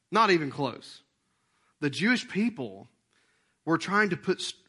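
Animated preacher with twang. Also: male voice, a little high, breathy edge. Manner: lively, conversational preaching with sudden loud emphatic bursts; leads the congregation in breathing exercises. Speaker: pastor. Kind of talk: sermon.

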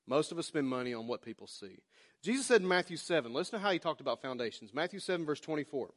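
A pastor in his forties with a drawl delivers a sermon like a casual chat, slipping into little acted-out asides. His voice sits a touch high for a man. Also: very animated, fast talker. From Oklahoma. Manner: folksy, conversational preaching with acted-out asides.

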